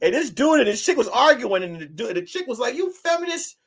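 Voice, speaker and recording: A man, a comedian, chatting casually to his viewers in a loose, animated way, slipping into song and mock voices. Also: extremely high pitch, fast, gravelly, breathy edge. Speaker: comedian and vlogger. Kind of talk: casual vlog chat.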